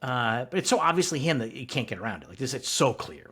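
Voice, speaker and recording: A man co-hosting a podcast, retelling a TV episode in a rambling, animated way with laughs and swearing. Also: medium pitch, normal speed, hardly any pauses, breathy edge. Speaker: podcast co-host. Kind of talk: casual recap chat.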